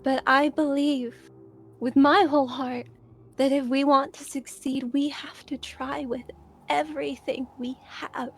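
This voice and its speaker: Woman player, high voice, slow, earnest and hesitant in-character delivery. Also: little pitch movement, faint music behind. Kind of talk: in-character speech in a tabletop game.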